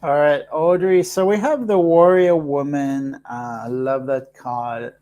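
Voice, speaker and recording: A soft-spoken man hosting a live card reading, talking slowly and haltingly with many pauses and fillers. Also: on the high side, fairly even intonation. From Africa. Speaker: host reading cards for live viewers.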